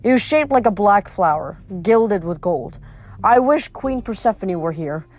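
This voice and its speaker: A woman's voice: medium pitch, animated, unhurried, darkish tone. A woman reading a novel aloud, narrating steadily in the first person. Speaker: reader.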